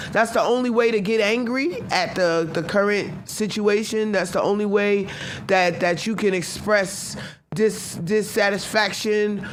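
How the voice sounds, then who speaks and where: A woman's voice: mid-range voice, moderate pace, slight background noise. Brief: woman podcast host, casual, blunt, ranting, talks back to her chat. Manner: animated, talks back to chat, many restarts. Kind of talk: casual live-stream commentary.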